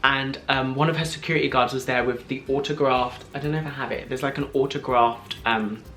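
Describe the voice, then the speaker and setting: A man in his twenties, telling a story to camera in an excited, gushing way, full of "like" and breathless restarts. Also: mid-range voice. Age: 20s. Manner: gushing, fast, filler-heavy with frequent "like". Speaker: vlogger.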